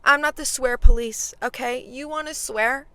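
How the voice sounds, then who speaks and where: A woman's voice: high-pitched, moderate pace, fairly bright tone, smooth, dry recording. A woman in her twenties, talking casually and directly to her viewers as a faith vlogger, full of fillers. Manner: chatty, frequent fillers, talks straight to viewers. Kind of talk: casual chat.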